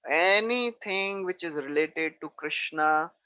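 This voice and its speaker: A male preacher telling a scripture story, leaning on 'you know' and chanting Sanskrit verses now and then. His voice sits on the high side for a man. The sound is dry and close, with no room around it. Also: takes it slowly, sharp tone, smooth, no room sound, highs cut off.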